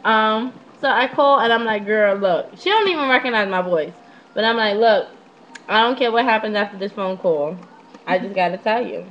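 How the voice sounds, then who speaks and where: A young woman telling a story casually to her webcam at home, brash, profane and animated as she gossips. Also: mid-range voice, moderate pace, muffled recording, slight background noise. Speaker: vlogger.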